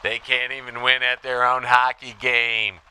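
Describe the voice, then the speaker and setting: A man's voice: medium pitch, completely flat delivery, pushed and bright, a little hiss or hum. A man doing a blustering, bragging impression of a president calling in. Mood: boastful. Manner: slow bragging drawl.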